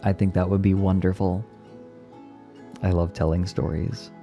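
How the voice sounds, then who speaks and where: A man streaming and chatting casually with his viewers, speaking gently and with enthusiasm. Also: deep voice, little pitch movement, moderate pace, creaky, soft background music. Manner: gentle, soft-spoken. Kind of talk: casual live-stream chat, answering chat.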